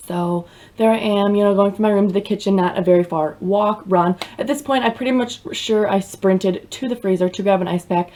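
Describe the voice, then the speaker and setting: A woman's voice: medium pitch, steady tone, brisk, mellow. A young woman vlogger telling a dramatic personal story in a chatty way, full of fillers. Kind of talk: storytime vlog.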